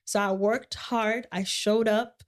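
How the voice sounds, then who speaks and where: A woman in her late twenties co-hosting a podcast, chatting casually and lively, acting out what others said. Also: mid-range voice, slow. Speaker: podcast co-host. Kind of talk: casual chat.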